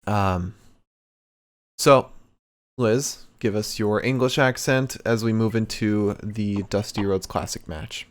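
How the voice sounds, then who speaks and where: A man's voice: fairly low pitch, fairly even intonation, slow pace. Laid-back young man hosting a livestream. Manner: laughs easily, talks to the chat, loose and playful. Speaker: podcast host. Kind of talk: casual livestream podcast hosting.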